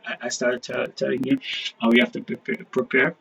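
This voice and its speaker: On his own channel, a man who preaches online talks casually to viewers in a brisk, sing-song voice of medium pitch that sounds gravelly, bright and forceful. The recording is rough, and his rambling monologue is full of restarts and emphatic repeated phrases.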